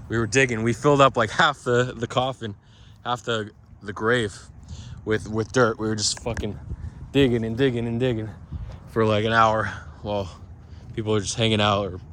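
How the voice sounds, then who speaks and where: A man's voice: fairly low pitch, a bit bright, a little hiss or hum. A man vlogging about crypto and his day in a loose, digressive monologue full of restarts and asides. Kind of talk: casual rambling monologue.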